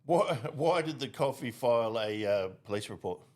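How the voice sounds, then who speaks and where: A man's voice: mid-range voice, expressive, normal speed, darkish tone. A man co-hosting a crude comedy podcast, rambling through long jokes and laughing as he talks. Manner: rambling joke-teller, laughs through lines. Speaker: podcast co-host.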